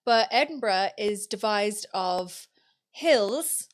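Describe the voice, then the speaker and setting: A woman co-hosting a podcast, telling a story in casual chat, animated and swearing freely. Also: mid-range voice, slow pace. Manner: animated, swears freely, tells stories with loud acted-out quotes. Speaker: podcast co-host.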